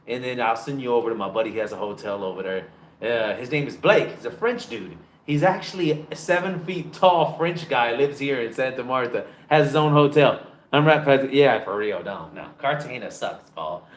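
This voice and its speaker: An American man telling travel stories to camera in a loud, profane, animated way, recorded on a phone in a dim room. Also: reverberant, slight background noise. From United States. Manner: loud, profane and animated, with big pitch jumps. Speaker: travel vlogger. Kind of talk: casual storytelling to camera.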